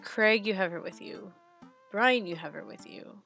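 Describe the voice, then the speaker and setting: A woman's voice: mid-range voice, animated, moderate pace, gravelly, fairly bright tone, dull audio, soft background music. Giggly chatty woman streamer. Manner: giggly, chatty, reads game text aloud. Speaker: game streamer. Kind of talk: let's-play commentary. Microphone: headphones and mic.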